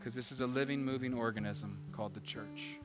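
A man preaching a sermon as pastor, energetic and joking, swinging between loud emphasis and quiet asides. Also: medium pitch, a little fast. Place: church sanctuary. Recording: church hall reverb with faint guitar.

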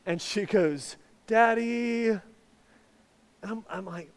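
Man, pastor, sermon, high voice, smooth clear tone, chatty storytelling, drops soft at times. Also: a little slow, in a large hall. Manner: conversational, with frequent fillers and restarts.

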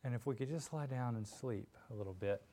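A male preacher delivering a sermon in a loose, chatty style, dropping in fillers and quick asides. His voice sits at an ordinary middle pitch. He talks to the congregation as if chatting with friends. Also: warm tone. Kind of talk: conversational sermon. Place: church.

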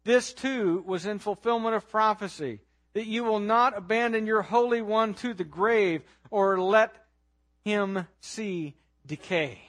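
A man preaching a storytelling sermon, dramatic, dropping to a hush and rising to loud stresses as he asks listeners to imagine the scene. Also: high-pitched, unhurried. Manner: dramatic, swings from hushed to loud.

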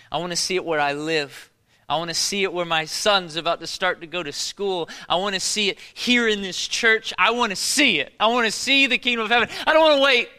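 A man preaching a sermon as a pastor, moving between loud, repeated exhortations and hushed, quiet storytelling. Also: high voice. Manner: repetitive preaching cadence.

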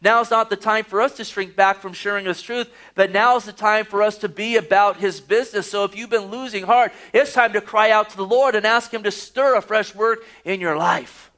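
A man's voice: high-pitched, normal speed, hardly any pauses, pushed and bright. A man preaching a sermon, reading scripture aloud and pressing his points with rising emphasis. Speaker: pastor.

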